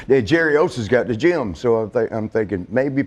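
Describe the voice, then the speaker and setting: A middle-aged man telling a casual story, laughing often and swearing, acting out quotes in a higher voice. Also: lively intonation, normal speed. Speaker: interview guest.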